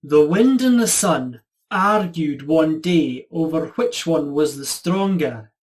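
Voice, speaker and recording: A performer playing a quirky Scottish accent coach with a Scottish accent, patient and a bit teasing, in an online student drama over a video call. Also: male voice, on the high side, expressive, takes it slowly. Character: quirky Scotsman accent teacher.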